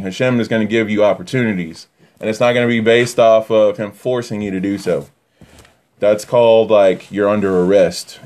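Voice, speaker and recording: A man giving a casual, animated Torah teaching that swings from near-yelling to quiet asides. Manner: animated, rising to near-yelling then dropping low.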